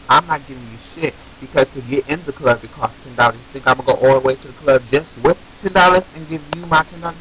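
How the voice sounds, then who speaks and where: A young man telling a story to his viewers in a casual, animated way, swearing and ranting with rhetorical questions. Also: mid-range voice, poor audio. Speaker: vlogger.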